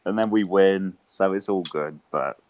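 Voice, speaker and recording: A man's voice: deep voice, unhurried, slight background noise. A man from England, a guest telling stories in casual chat, swearing freely and laughing as he talks. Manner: profane, animated, laughs through stories.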